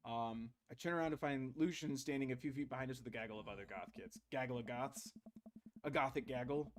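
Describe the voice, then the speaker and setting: A man's voice: mid-range voice, a little fast. Man, streamer, reading a dating game aloud, playful, jokey asides. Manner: playful, jokey, laughs often. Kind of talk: casual game-reading livestream.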